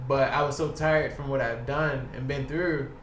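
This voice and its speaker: A man's voice: mid-range voice, fairly even intonation, normal speed, fairly bright tone, reverberant, a little hiss or hum. A man from Baltimore, a podcast guest telling a long, profane, rambling story packed with quoted dialogue. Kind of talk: casual storytelling. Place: podcast studio.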